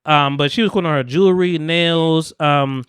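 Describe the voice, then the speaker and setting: A man with a smooth voice, profane and laughing. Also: fairly high pitch, normal speed, fairly bright tone, dry recording, clean studio sound. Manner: loose and profane, laughing often, acting out quotes. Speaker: podcast host. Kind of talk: casual chat recapping a film.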